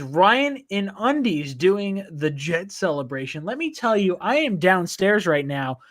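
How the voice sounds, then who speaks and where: Guy hosting a live stream from home, kinda high voice, goofing around reading chat comments. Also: fairly bright tone. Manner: jokey, reads viewer comments aloud. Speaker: podcast host reading chat. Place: at home, downstairs. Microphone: phone.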